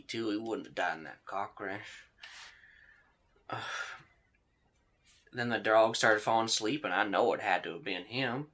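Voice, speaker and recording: A man's voice: fairly low pitch, sharp tone, voice pushed down. A man doing a rambling, bitter local drunk. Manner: rambling, defensive testimony. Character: shaken middle-aged man, a local drunk.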